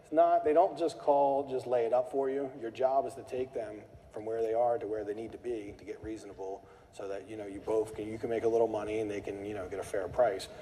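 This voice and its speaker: A man hosts a live meetup and talks quickly and casually to the group. His voice is mellow and warm, and it carries a long hall reverb. He tells animated stories and acts out angry callers in a high voice. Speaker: meetup host.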